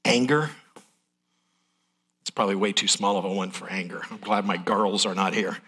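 A middle-aged man delivers a sermon in a folksy, candid and emotional manner. His voice sits fairly low and moves at a normal speed, with a sharp tone and a breathy edge.

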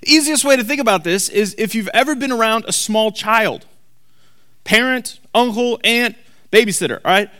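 A man preaching a sermon to a congregation. He talks emphatically and repeats key lines slowly for weight. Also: sits high, pushed and bright. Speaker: pastor. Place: church hall before a congregation.

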